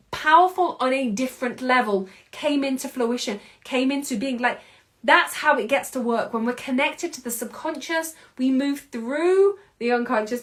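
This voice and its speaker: An energetic woman in her thirties speaks with a somewhat high, lifted voice. She talks as a podcast host giving a motivational monologue, in emphatic, quick bursts. Her tone stays casual and chatty, with the odd mild curse. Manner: casual, with mild swearing and laughs. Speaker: podcast host and anxiety coach.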